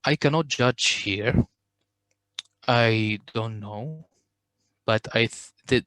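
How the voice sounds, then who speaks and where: A smooth-voiced man teaching recitation. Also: mid-range voice, fairly bright tone, no echo. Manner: patient explaining, recites Arabic examples slowly; hesitant when answering questions. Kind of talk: online tajweed lesson.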